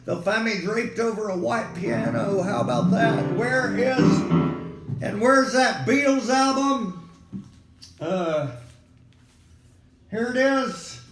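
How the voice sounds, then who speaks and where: Casting: high-pitched male comic host, sarcastic rambler, echoey room. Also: slow pace, long pauses, over loud music. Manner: sarcastic, digressive ranting. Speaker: comedic weatherman host.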